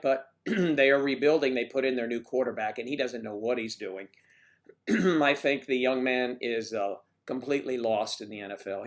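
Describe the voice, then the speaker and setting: A man hosting a casual livestream from home, chatting in a joking, rambling way that drifts between topics. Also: mid-range voice. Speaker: livestream host.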